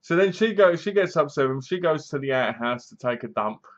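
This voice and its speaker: A man's voice: fairly high pitch, expressive, fairly quick, lo-fi sound. A man giving a casual spoken review of a film, rambling through the plot with dry, mocking remarks and acting out bits of scenes. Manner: rambling, acts out bits of scenes in funny voices.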